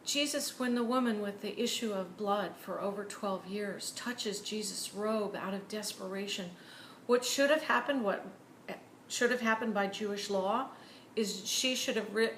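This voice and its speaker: A woman preaching a sermon in an earnest way, dropping to hushed, near-whispered words for emphasis. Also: mid-range voice, normal speed, reverberant, slight background noise, poor audio. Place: church.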